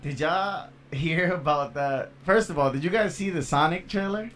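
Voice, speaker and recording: A man's voice: fairly high pitch, moderate pace, a bit bright, slight background noise. A young man co-hosting a casual podcast, laid-back and opinionated, with wry asides. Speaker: podcast co-host, barber.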